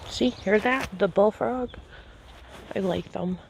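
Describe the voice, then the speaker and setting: A woman's voice: medium pitch, slow pace, creaky, a little mellow. A woman vlogging on a nature trail, breathless and chatty, full of fillers and amazement, speaking outdoors into a handheld camera. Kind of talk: casual walking vlog. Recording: noisy outdoor handheld recording.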